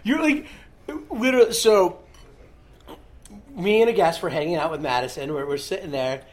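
Teasing young man, slightly high. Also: moderate pace. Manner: teasing, joking interjections. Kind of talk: casual chat.

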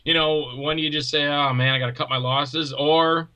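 A man talking as a guest filmmaker in casual chat, an animated storyteller who acts out quoted voices loudly. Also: a little high, moderate pace, rough recording.

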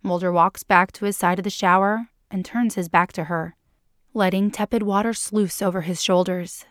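Woman, podcast narrator, story reading, calm and unhurried, mid pitch, dry recording. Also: dry recording.

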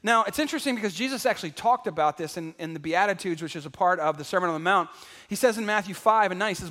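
A man preaching a sermon to a congregation, animated and calling out to the crowd, acting out everyday voices for laughs. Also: high voice, quick pace, long reverb tail. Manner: acts out household voices for laughs. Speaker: pastor. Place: large church hall.

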